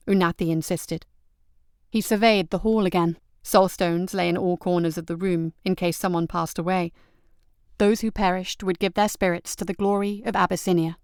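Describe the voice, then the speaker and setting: Smooth low-voiced woman narrator. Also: no echo, clean studio sound. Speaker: audiobook reader. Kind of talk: scripted narration.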